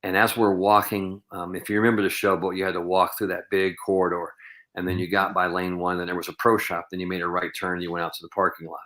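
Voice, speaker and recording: Brief: male podcast guest, deep bright-edged voice, rambling earnest storyteller. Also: flat delivery, quick pace. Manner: rambling anecdotal, heavy with "you know" and "um". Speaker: podcast guest, professional bowler.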